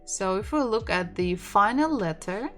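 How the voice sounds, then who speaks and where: A woman's voice: medium pitch, lively intonation, unhurried, a bit bright. A woman whose first language is Russian, teaching an online language lesson and patiently repeating sounds and words for practice. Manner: chatty asides with light laughs. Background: faint background music.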